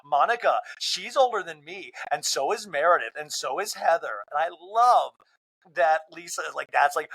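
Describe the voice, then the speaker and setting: A man hosting a comedy podcast, recapping a reality show in a gossipy, animated way with plenty of mimicry. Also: fairly high pitch, moderate pace, creaky, poor audio. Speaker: podcast host.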